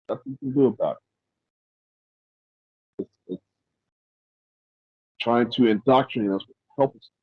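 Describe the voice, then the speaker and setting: A man hosting a podcast, chatting casually in a rambling, halting way with many restarts. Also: mid-range voice, no room sound, phone-quality sound. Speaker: podcast host. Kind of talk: casual opinionated chat.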